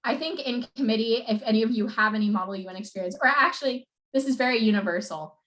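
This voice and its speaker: A young woman coaching on public speaking in a casual talk, speaking quickly with many fillers. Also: a little high, a bit bright. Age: young adult. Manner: fast-talking, many "like" and "you know" fillers.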